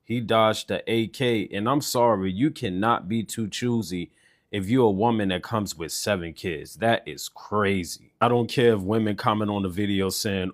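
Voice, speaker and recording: A man's voice: on the low side, normal speed. A man hosting a commentary video, blunt and opinionated with slangy phrasing. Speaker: channel host and commentator.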